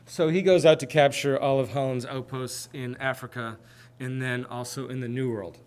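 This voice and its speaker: A man's voice: mid-range voice, fairly even intonation, moderate pace, a little mellow. A man presenting a seminar, telling history in an informal, conversational way. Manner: conversational storytelling. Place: presentation with slides.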